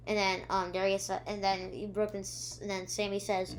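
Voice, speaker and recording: A woman's voice: medium pitch, flat delivery, moderate pace, hardly any pauses, a little hiss or hum. Rambling young woman recapping episodes. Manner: rambling, many ums, mimics sounds and quotes characters. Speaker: YouTube reviewer. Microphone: own camera.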